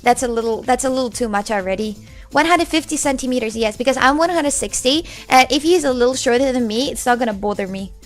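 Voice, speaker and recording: Loud, swearing streamer woman. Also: a little high, fast, faint music behind. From Russia. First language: Russian. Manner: loud, swears freely, reads chat aloud. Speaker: livestreamer. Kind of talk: casual live stream chat.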